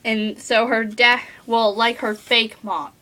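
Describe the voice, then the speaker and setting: A woman's voice: a little high, flat delivery, slow, pushed and bright, rough recording. A teenage girl reviewing a book at home in a rambling, gushing way, full of filler words. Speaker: book vlogger.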